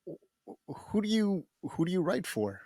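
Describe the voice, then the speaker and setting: A man's voice: high voice, sing-song, moderate pace, mellow, slight background noise. Curious male podcast co-host. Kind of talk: casual podcast chat.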